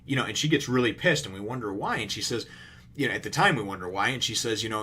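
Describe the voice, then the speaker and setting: A man's voice: on the low side, expressive, pushed and bright, breathy edge. A man giving a casual, rambling recap of a manga chapter, full of fillers and the odd curse word. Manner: rambling, filler-heavy retelling with casual swearing; acts out characters' lines in quick paraphrase. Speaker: manga reviewer.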